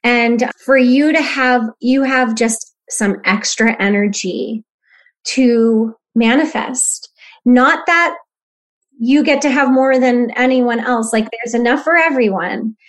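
Earnest higher-voiced woman podcast guest. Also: slow. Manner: earnest, warm reflective explaining. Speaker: human design guide, podcast guest. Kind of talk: podcast conversation.

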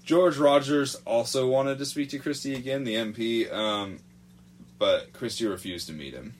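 A man hosting a podcast, narrating a true-crime story in a casual, halting way with lots of fillers and some swearing. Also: mid-range voice. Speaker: podcast host.

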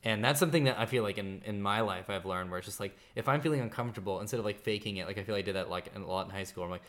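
A man in casual podcast conversation, relaxed and joking between thoughtful points. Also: on the low side, very fast. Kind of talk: casual chat.

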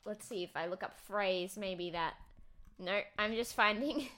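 A woman's voice: mid-range voice, unhurried, a bit bright. A woman, co-hosting a casual podcast chat, swearing freely and acting out quotes. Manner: chatty, swears freely, acts out quotes with laughs. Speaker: podcast co-host.

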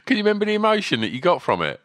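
A podcast host talks in a bright, animated voice, stumbling and searching for words. His pitch rises and falls a lot, and the sound is dry and close. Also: quick pace, no room sound. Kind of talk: casual chat interview.

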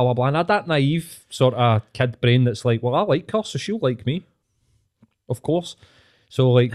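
A Scottish man chatting on a podcast, dropping swear words and laughing through his stories. His pitch sits in the middle for a man, neither high nor low. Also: darkish tone. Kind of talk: casual chat.

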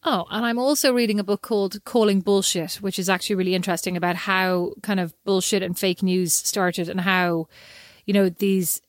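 Woman, middle-aged, casual chat, storytelling with acted quotes, mid pitch, dry close sound. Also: normal speed, no echo. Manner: chatty, animated storytelling with quoted asides.

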